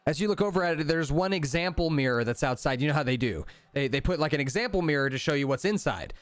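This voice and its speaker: A man's voice: fairly high pitch, lively intonation, quick pace, dry recording. Rambling game master man, dry sound. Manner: casual, rambling, filler-heavy. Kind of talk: narrating a tabletop game.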